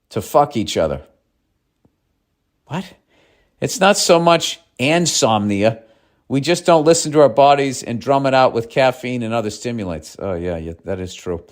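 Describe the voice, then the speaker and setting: A man hosting a comedy podcast, ranting in a profane, sardonic way and reading listener mail. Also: mid-range voice.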